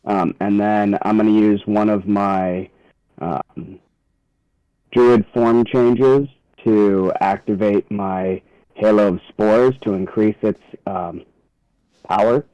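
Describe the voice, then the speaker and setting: A man's voice: on the low side, steady tone, slow pace, dark tone, clear, resonant tone, no room sound. A man as a tabletop game player, laid-back and hesitant. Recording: dry, dull lo-fi sound.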